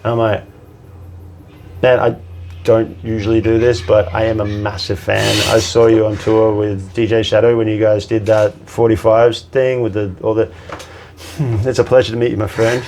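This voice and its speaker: A man's voice: fairly low pitch, moderate pace, slight background noise. A man, a bartender guest on a podcast, telling stories casually, swearing and acting out the people he quotes. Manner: animated anecdote teller, swears, acts out quotes. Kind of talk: casual storytelling chat.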